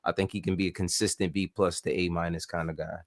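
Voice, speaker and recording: A man's voice: deep voice, flat delivery, quick pace, dry recording, studio quality. A man co-hosting a casual sports podcast, laid-back and hesitant with many fillers. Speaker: podcast co-host.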